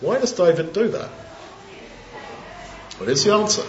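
A man's voice: high-pitched, big pitch swings, measured pace, a little hiss or hum. A man preaching an expository sermon in a conversational way, asking many rhetorical questions. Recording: echoey, dull sound.

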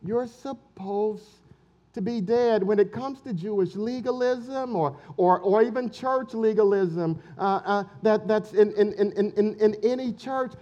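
A pastor preaches in an unhurried, emphatic way, circling back to repeat his key lines. His voice sits high for a man. The recording is muffled and dull. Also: dark tone. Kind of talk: sermon.

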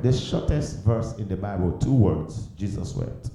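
A man preaching a sermon with passion, swinging from hushed pleading to loud exclamations. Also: fairly low pitch, animated, a little slow. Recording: very echoey room.

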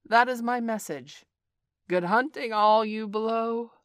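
Shrill male kite bird, a loud, high caller delivering an urgent message, as a woman reads it out; a storybook reading on a dry track. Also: measured pace, clear, resonant tone, no room sound, lightly acted. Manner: high, calling out loudly.

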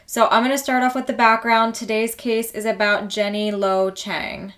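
A woman's voice: fairly high pitch, little pitch movement, normal speed, a bit bright. A young woman co-hosting a casual podcast, chatty, laughing often and swearing casually. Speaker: podcast co-host. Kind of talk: casual chat.

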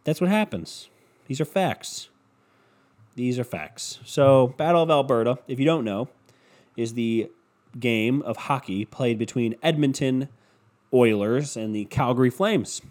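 A man's voice: mid-range voice, expressive, a little slow, a little mellow. A man hosting a casual solo podcast, rambling and cursing with self-mocking humor, a bit congested from a cold. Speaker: podcast host.

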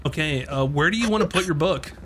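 A man runs a tabletop game in a casual, easygoing way. His voice sits slightly high for a man. Faint room noise is heard behind. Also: lively intonation, fast talker, a bit bright. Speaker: game master.

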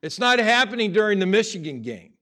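Emphatic pastor preaching. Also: male voice, high-pitched, very animated, brisk. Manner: conversational preaching, building to loud emphatic passages. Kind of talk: sermon.

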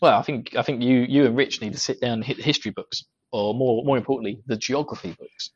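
A man's voice: medium pitch, fairly even intonation, quick pace, slightly rough. Giggly British man on a muffled mic. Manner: laughs often, joking. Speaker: podcast co-host and editor. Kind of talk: casual banter.

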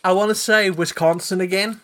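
A man's voice: high-pitched, brisk. A man co-hosting a podcast, chatting casually, swearing and laughing as he tells stories. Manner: swearing, laughs a lot, animated storyteller. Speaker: podcast co-host. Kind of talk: casual chat.

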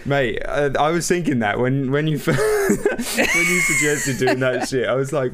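A man's voice: medium pitch, wildly swooping pitch, measured pace, heavy background noise. A young man co-hosting a podcast, chatting casually and swearing, often breaking into laughter. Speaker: podcast co-host. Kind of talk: casual banter.

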